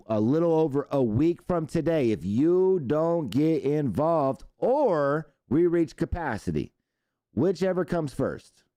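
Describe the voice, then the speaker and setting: A man's voice: fairly high pitch, mellow, no echo. A man hosting a live stream, chatting loosely and profanely while he reads out viewer comments. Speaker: show host.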